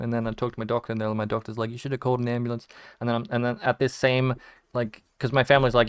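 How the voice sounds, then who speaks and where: A man's voice: mid-range voice, fairly even intonation, fast talker, clear, resonant tone, no room sound, studio quality. An Australian man, a gaming streamer, telling rambling stories while he plays, swearing casually and acting out what people said. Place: home room converted from a shed.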